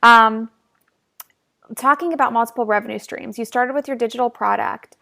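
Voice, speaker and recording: A woman's voice: a little high, normal speed, gravelly, sharp tone. A woman hosting a podcast, upbeat and explaining practical tips to her listeners. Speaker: podcast host. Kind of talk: casual podcast interview.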